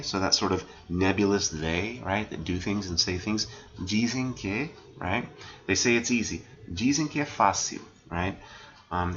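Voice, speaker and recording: A man's voice: on the low side, a bit bright, dull audio. A man teaching a recorded slide lesson, explaining phrases one by one and asking "right?" after nearly every line. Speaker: language teacher.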